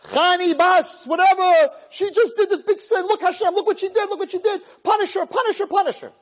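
A man voicing Satan as a whiny male tattletale who eagerly reports a sin and urges punishment in a shrill, repetitive rush. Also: a little fast, in a large hall. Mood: tattling.

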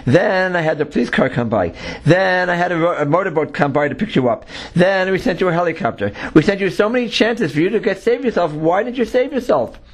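A man's voice: sits high, lively intonation, brisk. A man voicing God in a parable, explaining the many chances that were sent. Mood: reproachful. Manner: reproachful explaining. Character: God, patiently reproachful.

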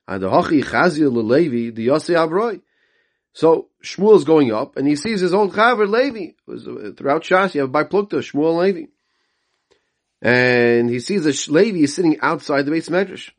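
A man at a middle pitch leads a Talmud study lesson. He reads each Aramaic phrase aloud and then explains it in plain English. He often repeats himself and restarts words as he works through the text. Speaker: Talmud teacher.

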